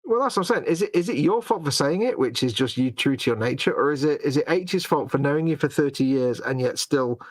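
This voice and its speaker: A well-spoken English man with a faint Manchester accent, talking quickly in casual banter. He turns jokes on himself with easy, rapid patter. The sound is close and dry. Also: medium pitch, expressive, no room sound. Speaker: co-host. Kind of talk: casual late-night chat.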